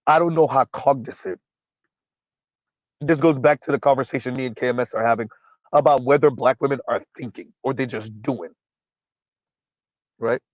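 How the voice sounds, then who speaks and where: A man's voice: medium pitch, normal speed, long pauses, no room sound, low-quality recording. A man hosting a livestream, speaking bluntly and emphatically, repeating his points, and stumbling over fillers while he recalls names. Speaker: livestream host. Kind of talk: casual livestream commentary.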